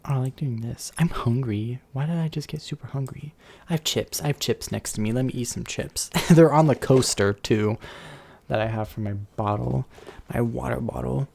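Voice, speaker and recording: Casting: male streamer, mid-pitched, gravelly, dark tone, loose rambling live-stream chat at a desk mic. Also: normal speed. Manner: rambling, chatty, playful asides. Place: warm room at home. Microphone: desk microphone. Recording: slight background hum.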